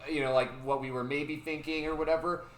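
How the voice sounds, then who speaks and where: A man co-hosting a podcast in casual chat, excitable and swearing often as he retells scenes. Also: a little high, fast, reverberant. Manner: excitable, swears a lot, acts out scenes in funny voices. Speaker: podcast co-host.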